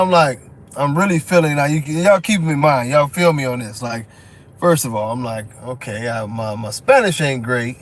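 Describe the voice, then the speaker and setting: A man, telling a story in casual live-stream chat, profane and quick to laugh. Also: medium pitch, a little hiss or hum. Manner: loose, profane, laughs often, lots of "you know what I'm saying". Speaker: dog show judge and breeder telling stories.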